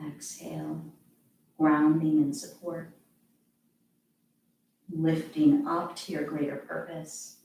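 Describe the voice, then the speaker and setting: Yoga teacher lady, calm soft cues, mic kinda far off, lots of echo. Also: deep voice, slow pace, vocal fry, long pauses, a little hiss or hum. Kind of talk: guided yoga relaxation. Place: practicing at home. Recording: very echoey room, distant mic, music behind.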